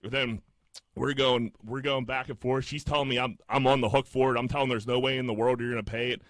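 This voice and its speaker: A man rattles off a story at speed, his voice bright and edgy. He swears constantly and acts out both ends of a phone argument. The sound is close and completely dry. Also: medium pitch, quick pace, dry recording. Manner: profane, animated, acts out both sides of phone calls. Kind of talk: casual storytelling chat.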